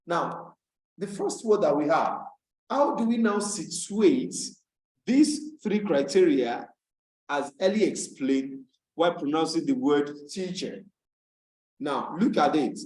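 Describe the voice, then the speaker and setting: A man with a Nigerian English accent giving an online English tutorial, repeating words and phrases slowly for emphasis. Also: on the high side, darkish tone. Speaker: English teacher. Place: home room on a video call. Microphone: computer mic on a video call. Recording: echoey video-call audio.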